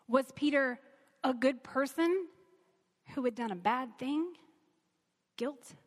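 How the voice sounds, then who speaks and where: A woman's voice: fairly high pitch, long reverb tail. A woman teaching from the Bible in an earnest, conversational way, reading scripture aloud.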